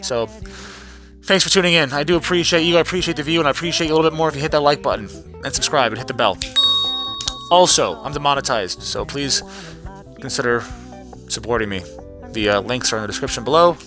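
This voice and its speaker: A man recapping a trial in a casual vlog, telling the story in a profane, animated way and acting out quotes in other voices. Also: medium pitch, fast talker, long pauses, music in the background.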